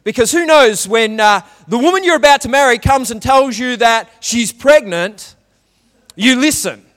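A man preaches in a chatty, conversational way, with frequent restarts and questions tossed to the congregation. His voice sits high for a man. A long reverb from the church hall trails behind every phrase. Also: animated, moderate pace, fairly bright tone. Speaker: pastor. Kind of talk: sermon.

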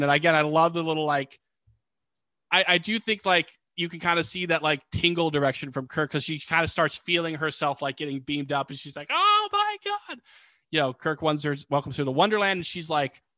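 A man co-hosting a podcast, casually recapping a film in a rambling, animated way and acting out lines of dialogue. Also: on the high side, fairly quick, no room sound. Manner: rambling, animated storytelling with quoted voices. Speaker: podcast co-host. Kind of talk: casual movie recap chat.

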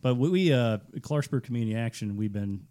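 A man's voice: mid-range voice, animated, a little fast, mellow, smooth. A man, a podcast guest, talking casually and rambling with many fillers. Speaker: guest, community volunteer. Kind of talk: casual chat.

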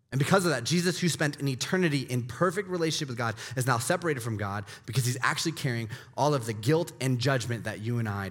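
A male pastor preaching a sermon, rising to loud emphasis and dropping to hushed, slow lines. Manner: dramatic swings between loud emphasis and hushed low delivery. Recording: long reverb of a large hall.

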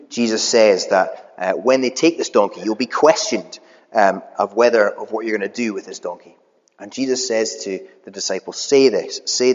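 A man preaching a sermon in a church hall, talking in a conversational way with some filler words. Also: fairly low pitch. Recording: echoey hall, dull lo-fi.

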